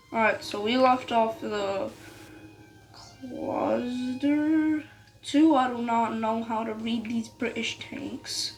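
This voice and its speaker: A woman giving casual, chatty commentary while playing a tank game, with excitable outbursts and slang like "y'all" and "bro.". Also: medium pitch. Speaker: gaming video creator. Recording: noticeable background noise with game sounds.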